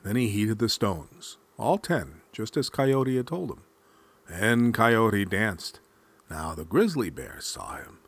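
A man reading a folk tale aloud in a measured, expressive storytelling manner. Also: fairly low pitch, husky, dry recording.

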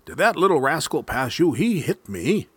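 A man's voice: on the low side, big pitch swings, normal speed, husky, dry recording. A man voicing a big, gullible male grizzly bear in a spoken folk tale, eager and naive. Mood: gruff.

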